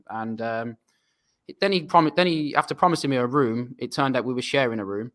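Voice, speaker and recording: Young English footballer guest, casual storyteller, ordinary mid pitch. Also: male voice, a little fast, a bit bright. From England. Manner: rambling anecdotal, self-deprecating.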